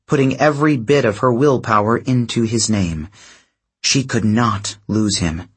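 A man narrating an audiobook in slow, expressive storytelling. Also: fairly low pitch. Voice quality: husky, breathy.

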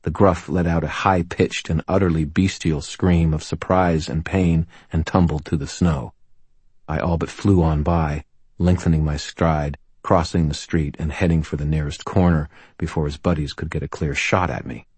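A man narrating a first-person audiobook in a dry, wry storytelling manner with steady pacing. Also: extremely low pitch, normal speed, breathy edge, dry recording.

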